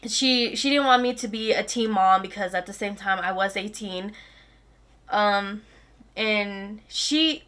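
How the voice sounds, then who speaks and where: Chatty young woman, bright voice. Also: mid-range voice. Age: 20s. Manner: chatty, lots of fillers like "like". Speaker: vlogger. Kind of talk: casual storytelling to camera.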